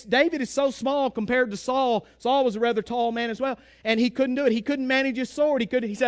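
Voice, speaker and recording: Brief: high-pitched male preacher, dramatic storyteller, hushed to loud. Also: moderate pace. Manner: storytelling preacher, acting out quotes, swings from hushed to shouted. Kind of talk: sermon.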